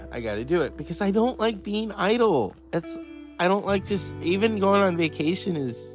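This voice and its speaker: Gravelly, swearing man in his forties. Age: 40s. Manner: swearing, self-mocking, jumps between topics; voice jumps high when quoting himself. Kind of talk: rambling solo monologue.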